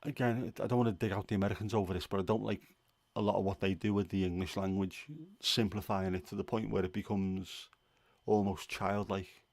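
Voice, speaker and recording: A man's voice: fairly low pitch, steady tone, fairly quick, few pauses, darkish tone, no echo. A man hosting a casual livestream, chatty and opinionated, rambling with fillers. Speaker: livestream host.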